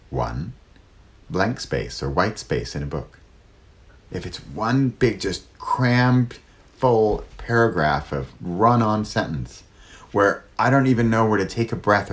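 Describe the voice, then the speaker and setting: A middle-aged man hosting his own solo talk, shifting his pace and loudness and dropping to near whispers to show how pauses work. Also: fairly low pitch. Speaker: host.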